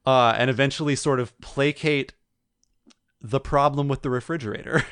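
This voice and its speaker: A man co-hosting a gaming podcast, recounting a video game story in a rambling, animated way. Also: mid-range voice, moderate pace, smooth, dry recording, clean studio sound. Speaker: podcast co-host. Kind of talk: casual chat.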